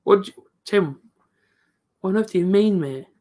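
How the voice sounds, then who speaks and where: A man's voice: high voice, moderate pace, mellow. A young man giving live reaction commentary on a football match, chatty and openly frustrated. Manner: chatty, frustrated, talks back to off-mic friend. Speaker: football fan streamer.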